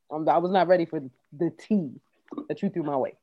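A woman's voice: deep voice, fairly quick, dry recording, dull audio. A woman co-hosting a podcast in casual chat, playful and teasing. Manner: playful, teasing, mock-scolding. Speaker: podcast co-host.

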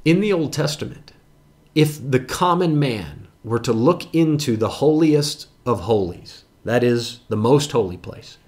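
A man leads a Bible lesson, reading verses and then unpacking them in a loose, conversational way. He talks straight to his listeners from a home setup with a desk mic, with a voice of ordinary pitch. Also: expressive, unhurried, a little mellow. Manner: conversational, explains scripture verse by verse with asides. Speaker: Bible teacher. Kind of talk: Bible teaching.

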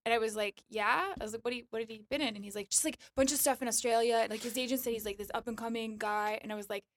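Fast-talking woman telling an anecdote. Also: on the high side, slight background noise. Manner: fast, animated storyteller, acts out quotes. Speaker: guest comedian and actress. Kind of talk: casual chat, anecdote telling.

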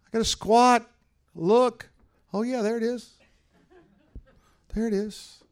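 Guy doing god as a squeaky amused figure squatting down to look, chuckly and playful. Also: fairly even intonation, slow, exaggerated voice.

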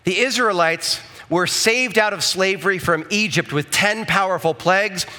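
A man's voice: high-pitched, moderate pace, bright, forceful tone. A male pastor preaching a conversational sermon in church, often checking in with the congregation with asides.

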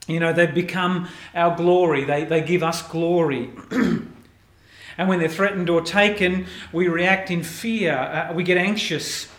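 A male pastor preaching a sermon in an earnest way, often repeating words and dropping softly into prayerful lines. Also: a little high, fairly even intonation, a little slow, echoey room.

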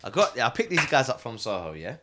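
Animated cabbie telling stories. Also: male voice, mid-range voice, fairly quick, noisy background. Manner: animated, slangy anecdote telling. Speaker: taxi driver. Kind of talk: casual storytelling chat.

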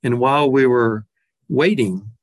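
A man's voice: medium pitch, a little slow, no echo. A man telling a personal story in a reflective way, often restarting and repeating words as he goes.

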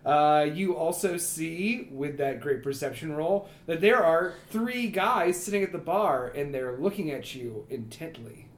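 A man's voice: a little high, animated, a little slow, hardly any pauses, echoey room, slight background noise. A man narrating a tabletop game as game master and podcast host, rambling and filling his scene descriptions with "uh" and "like".

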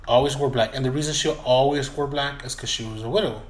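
A man's voice: medium pitch, fairly even intonation, fast talker. A loose, swearing man telling a story. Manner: loose, profane, acts out voices in retelling. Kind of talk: casual storytelling chat. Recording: roomy echoey room.

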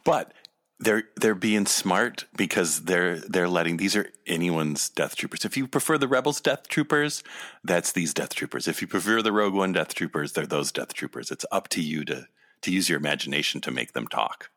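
A man co-hosting a casual podcast, playful and joking, his voice leaping up in pitch when amused. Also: normal speed, fairly bright tone. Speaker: podcast co-host. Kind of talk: casual chat recapping a TV episode.

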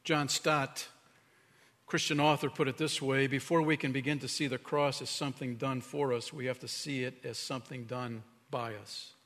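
A man's voice: mid-range voice, fairly even intonation, normal speed. Male pastor preaching in a reverberant hall. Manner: earnest preaching, drops to a hushed tone for emphasis. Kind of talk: sermon.

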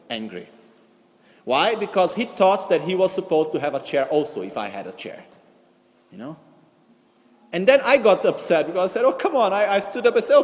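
A man giving a Buddhist teaching, telling personal stories in an animated way and acting out the voices of the people in them, in slightly non-native English. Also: a little high, long reverb tail. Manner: animated storytelling with acted-out quotes. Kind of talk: Dharma teaching.

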